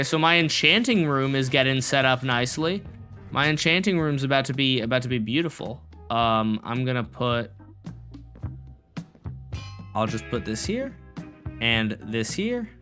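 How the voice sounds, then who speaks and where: A man's voice: mid-range voice, animated, moderate pace, pauses often, sharp tone, soft background music. A young man casually chatting and joking with his live-stream chat while building in a block game, rambling and goofy.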